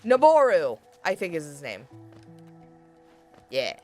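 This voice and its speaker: A woman's voice: on the low side, huge pitch swings, takes it slowly, soft background music. A woman streaming a game, chatting casually with her viewers, laughing often and swearing freely. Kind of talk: casual gameplay chat with chat.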